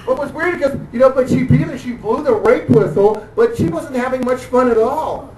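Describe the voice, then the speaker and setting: A man doing dark stand-up comedy on a club stage, halting and hesitant, full of fillers and restarts, chuckling at his own jokes. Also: very high-pitched. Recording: echoey room, distant mic, audience noise.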